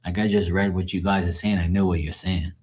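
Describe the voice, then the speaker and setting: Guy with a really low voice just hanging out on his stream, chatty, kinda loose, swears a bit. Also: steady tone, fairly quick, darkish tone. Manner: loose, chatty, explaining language differences to chat; swears casually, laughs easily. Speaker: live stream host. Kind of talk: casual live-stream chat with viewers.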